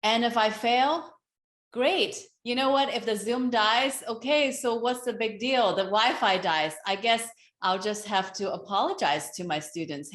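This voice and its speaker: A woman speaking as a guest on a talk show, slow, earnest and reflective as she shares advice. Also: mid-range voice, fairly bright tone. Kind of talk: reflective self-help talk. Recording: roomy echo.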